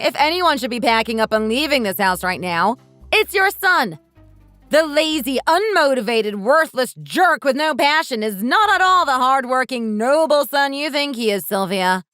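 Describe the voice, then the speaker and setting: A woman voicing a fed-up, sharp-tongued daughter-in-law who fires back with sarcastic, cutting remarks, in a dramatized text-story reading. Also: high voice, dry recording. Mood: mocking.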